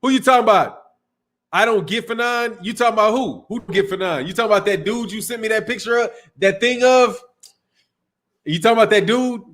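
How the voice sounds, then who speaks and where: A man's voice: sits high, brisk, fairly bright tone. A man hosting a boxing livestream, talking loosely and profanely, laughing often and reading out super chats. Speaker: boxing channel host. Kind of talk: casual livestream talk.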